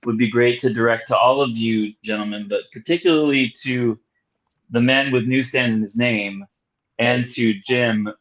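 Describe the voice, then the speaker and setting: A man's voice: medium pitch, moderate pace, fairly bright tone. Chatty man on dull lo-fi audio. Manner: chatty, storytelling. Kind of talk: casual chat.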